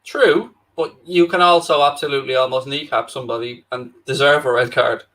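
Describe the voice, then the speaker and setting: A man co-hosts a live football watchalong at an ordinary middle pitch. His humour is dry and teasing, with plenty of swearing. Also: a little fast, a bit bright, rough recording. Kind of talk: casual chat over a live match.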